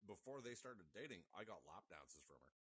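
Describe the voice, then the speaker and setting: A man's voice: on the low side, sing-song, fairly quick, fairly bright tone, husky, no echo. A man on a podcast telling rowdy stories in casual chat, swearing freely and laughing often. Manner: profane, laughing anecdotes. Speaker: podcast guest.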